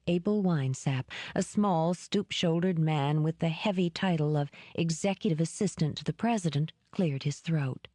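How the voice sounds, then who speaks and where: A woman narrating an audiobook in a measured, even manner. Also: deep voice, no echo. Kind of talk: scripted narration.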